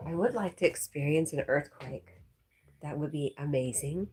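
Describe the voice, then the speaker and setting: A woman's voice: deep voice, normal speed, a little mellow, breathy edge. A woman hosting a casual livestream, reading viewer comments aloud and chatting back with frequent laughs. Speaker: livestream host.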